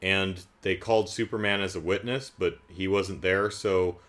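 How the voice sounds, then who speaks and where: A man's voice: sits low, fairly even intonation, moderate pace, fairly bright tone. A man giving a casual, comedic movie recap in a sarcastic, incredulous way, rambling with asides. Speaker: movie reviewer.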